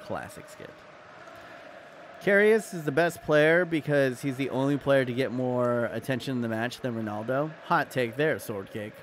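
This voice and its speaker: A man's voice: medium pitch, normal speed, a little hiss or hum. A young adult man with an American accent, hosting a casual livestream and chatting with viewers as he answers their comments. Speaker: livestream host.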